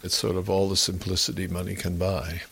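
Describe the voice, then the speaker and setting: An American man in his sixties, an interviewee recalling his past in a halting, emotional way, with many fillers and restarts. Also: low-pitched, monotone, creaky, fairly bright tone, breathy edge. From United States. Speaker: interviewee, author. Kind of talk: emotional personal reminiscence.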